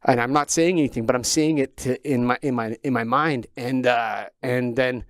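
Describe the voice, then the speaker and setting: A man's voice: medium pitch, steady tone, moderate pace, dry recording. A man hosting a podcast, recounting a personal experience with raw emotion. He rambles, restarts his sentences and swears freely. His voice sits in a middle register, recorded dry and close. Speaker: podcast host. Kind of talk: casual storytelling chat.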